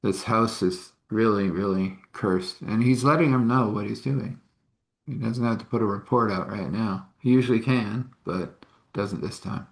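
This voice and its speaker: A man's voice: on the low side, moderate pace, vocal fry. A man casually telling a story, rambling with conversational asides.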